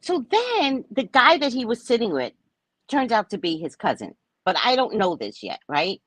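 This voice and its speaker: Animated storytelling woman, breathy voice. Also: fairly high pitch, moderate pace, no echo. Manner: animated, dramatic retelling with swings between loud and soft. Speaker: spiritual reader and show host. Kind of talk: casual storytelling.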